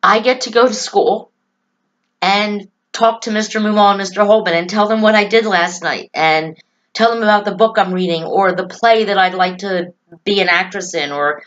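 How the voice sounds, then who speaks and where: A woman's voice: medium pitch, fairly even intonation, moderate pace, a bit bright, lo-fi sound. A woman vlogging to camera about her own life and opinions, earnest, emotional and opinionated. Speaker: political vlogger. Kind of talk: personal talk to camera.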